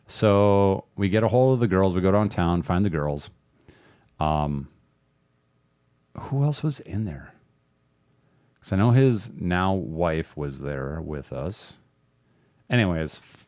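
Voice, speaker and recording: A man with a low voice tells a loose, rambling story as a podcast guest, swearing freely and breaking into laughs. The sound is dry and close, with little room around it. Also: a little mellow, no echo. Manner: rambling, profane, laughs often. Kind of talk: casual storytelling.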